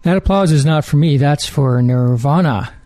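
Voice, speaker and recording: A man's voice: fairly high pitch, normal speed, dark tone, no echo. A man hosting a music radio show, chatting casually between songs in a rambling way with frequent fillers.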